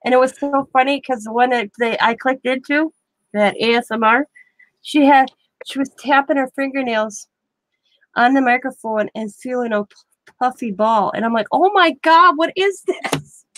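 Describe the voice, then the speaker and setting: A woman chatting casually while doing crafts, telling animated stories and laughing often. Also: fairly high pitch, moderate pace, no room sound, rough recording. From American Midwest.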